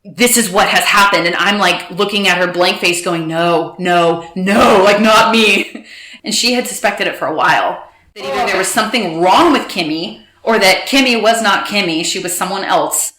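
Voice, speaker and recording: Bright-voiced woman telling a shaken story. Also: medium pitch, echoey room. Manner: halting, restarts, quotes others in bursts. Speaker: guest telling her story. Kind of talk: emotional personal storytelling.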